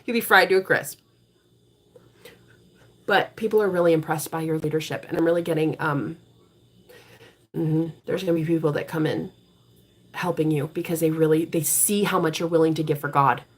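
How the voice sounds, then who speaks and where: A woman hosting a live tarot reading stream, talking bluntly with a lot of profanity and turning preachy and forceful when she drives a point home. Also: low-pitched, steady tone, normal speed, long pauses. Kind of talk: casual live-stream talk.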